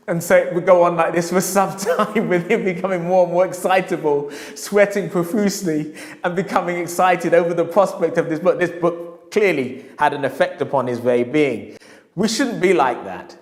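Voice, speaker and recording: A man's voice: high-pitched, normal speed. A man, a historian telling a story in a lecture, emphatic and repeating his key phrases. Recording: echoey hall.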